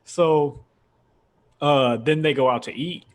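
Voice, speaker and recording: A man's voice: on the high side, takes it slowly. Laid-back young man retelling a game. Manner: rambling storytelling, laughs often. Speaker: podcast host. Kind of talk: casual chat.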